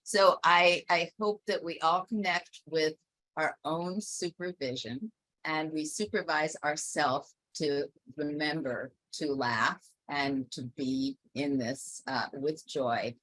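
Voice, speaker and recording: Bright, low-pitched woman hosting. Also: slow pace, dry recording, low-quality recording. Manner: animated, laughing storyteller. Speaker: webinar host. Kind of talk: casual group discussion.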